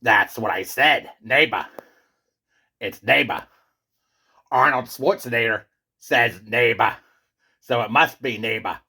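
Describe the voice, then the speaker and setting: Man playing a bragging pizza hero, gravelly and husky, bright edge, theatrical. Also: slow, pauses often, full character voice. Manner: booming, theatrical, insistent. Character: boastful male pizza character, self-styled great one. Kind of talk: comedy skit.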